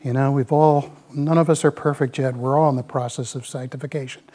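A man's voice: mid-range voice, steady tone, brisk, warm tone. A man in his mid-sixties giving a folksy, rambling church talk, peppered with "you know.". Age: 60s. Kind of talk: informal sermon with slides.

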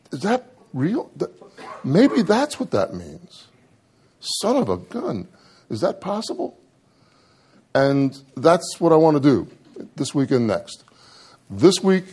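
A middle-aged man preaching a sermon, telling a humorous personal story with dry asides before turning to scripture. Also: medium pitch. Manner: storytelling, animated when quoting himself, dry asides.

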